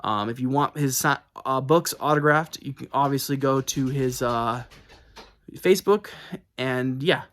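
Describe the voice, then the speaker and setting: A man's voice: medium pitch, unhurried, fairly bright tone. A young man chatting casually to camera about his book mail, rambling and correcting himself with lots of fillers. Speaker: book collector showing book mail.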